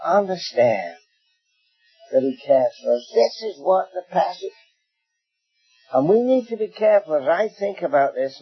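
An older man from England with an English accent, preaching a sermon in an anecdotal, gently humorous way. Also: a little high, slightly rough, lo-fi sound.

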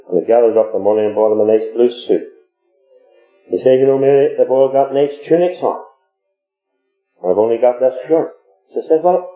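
A man preaching a sermon, telling homely stories, his voice swinging between low murmurs and high exclamations. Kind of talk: sermon with storytelling. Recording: echoey, phone-like old recording.

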